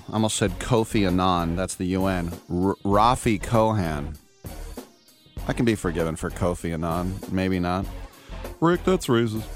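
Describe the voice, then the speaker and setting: A man from Richmond, California hosting a sports radio show, telling rambling, self-mocking stories in a casual chat. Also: on the low side. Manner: rambling, jokey, self-deprecating. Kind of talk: casual radio talk and storytelling.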